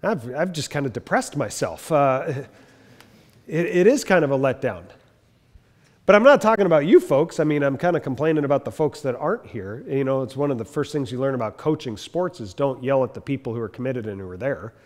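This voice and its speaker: A man's voice: mid-range voice, lively intonation, fairly quick, a little mellow. A man teaching a class, telling stories and mimicking the people in them. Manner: storytelling, mimics people in quotes. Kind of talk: animated classroom lecture with acted anecdotes. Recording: long hall reverb.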